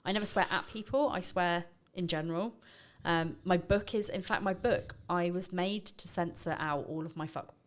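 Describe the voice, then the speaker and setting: Lively, sweary woman chatting on a podcast. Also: fairly low pitch, normal speed, hardly any pauses. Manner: animated, laughing, sweary. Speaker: podcast guest, author and business coach. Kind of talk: casual interview chat.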